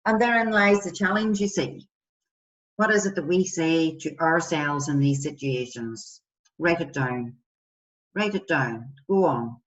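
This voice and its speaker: A woman wellbeing coach guiding listeners through a self-compassion exercise, asking many questions and acting out example voices. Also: sits low. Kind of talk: guided self-help exercise. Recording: distant, dull lo-fi sound.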